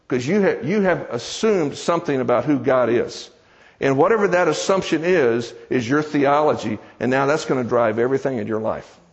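A man's voice: medium pitch, lively intonation, normal speed. A man preaching a sermon in a church, telling a story in a folksy, conversational way, with joking asides to the congregation. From American South. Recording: dull sound with long hall reverb.

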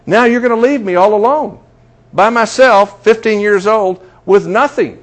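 A man's voice: high-pitched, moderate pace, pitched above the performer's own voice, natural voice. Man as upset fifteen-year-old boy, pleading, rising voice.

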